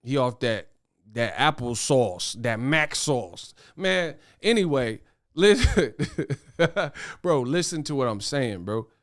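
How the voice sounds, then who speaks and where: A young man hosting a boxing commentary livestream, talking fast in slang, excitable and laughing as he reads viewer chat. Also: mid-range voice, no room sound, studio quality. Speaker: boxing commentary show host.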